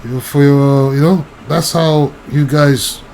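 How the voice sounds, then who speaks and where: Guy ranting on his vlog, worked up, kinda higher voice. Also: steady tone, takes it slowly, creaky, a little mellow, a little hiss or hum, low-quality recording. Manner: agitated, rhetorical, talks straight to the viewer. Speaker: video commentator. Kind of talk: ranting commentary.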